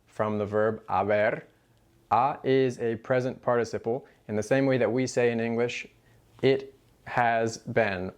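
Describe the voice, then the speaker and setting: Male language teacher, mid-pitched voice, calm and measured delivery for a lesson. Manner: clear, measured explanations with slow example sentences. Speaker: Spanish teacher.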